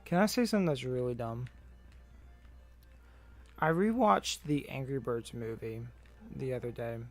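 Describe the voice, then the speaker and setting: A young adult man streaming a video game, tired and rambling, with profane deadpan grumbling. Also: medium pitch, moderate pace, faint music behind. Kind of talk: casual gameplay commentary.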